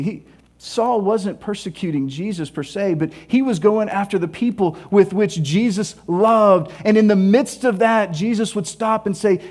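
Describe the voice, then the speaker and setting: A male pastor preaches with lively, conversational energy, dropping into casual asides. His voice sits notably high for a man. He swings between bright, emphatic phrases and quieter reflective ones. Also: a little slow. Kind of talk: sermon.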